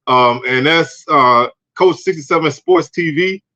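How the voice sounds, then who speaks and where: A man's voice: on the high side, measured pace, sharp tone. A man hosting a casual online show, laid-back and dropping "man" into his sentences. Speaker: host. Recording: dull lo-fi audio.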